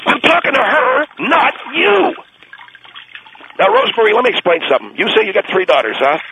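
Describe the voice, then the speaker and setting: Man voicing a brash tycoon in the tub: high, quick, dismissive, with splashy line noise. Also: wildly swooping pitch, sharp tone, exaggerated voice, poor audio. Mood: smug. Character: smug rich male boss bathing in a tub. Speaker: guest on a radio call-in show.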